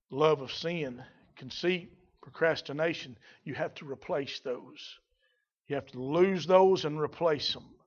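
Man preaching a sermon, high voice, quiet teaching breaking into shouts, muffled recording. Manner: swings from quiet teaching to shouted, drawn-out exclamations.

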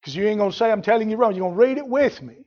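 Preacher guy, high voice, gets loud and shouty, folksy talk. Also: very fast, highs cut off. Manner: rising to shouted fervor, folksy dialect. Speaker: pastor. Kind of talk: sermon.

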